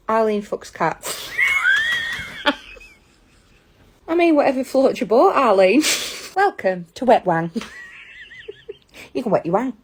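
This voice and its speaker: Lady reading memes out loud slow and high, cracks up wheezing every few lines, faint hiss behind. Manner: breaks into high wheezing laughter; reads lines deadpan then cracks up. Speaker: comedy video creator. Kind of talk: reading funny posts aloud.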